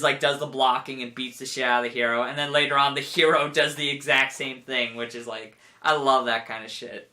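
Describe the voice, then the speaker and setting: A young man talks through his thoughts in a loose, rambling way, leaning on "like" and jumping into animated retellings. His voice is bright and forward at a middle pitch. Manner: rambling, full of "like", animated quoting with laughs. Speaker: reviewer. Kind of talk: casual spoken review.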